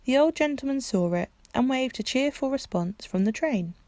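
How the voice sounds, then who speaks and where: A woman, hosting a library storytime and reading a children's book aloud in a calm, clear way. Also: sits high, normal speed, no echo.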